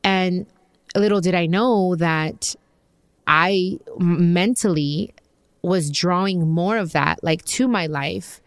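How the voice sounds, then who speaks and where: A woman's voice: fairly low pitch, slow, no room sound, clean studio sound. Candid, rambling woman podcaster. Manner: candid, rambling, emotional, many fillers and restarts. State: tearful. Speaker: podcast host. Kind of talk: personal podcast monologue.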